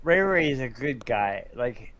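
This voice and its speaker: A man co-hosting a podcast, giggly and full of quick asides. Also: medium pitch, sing-song, a bit bright. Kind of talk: casual podcast chat.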